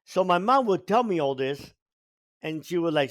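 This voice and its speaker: High-voiced older man from Cuba. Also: lively intonation, normal speed. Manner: emphatic, repeats words for stress. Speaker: podcast guest. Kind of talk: storytelling in an interview.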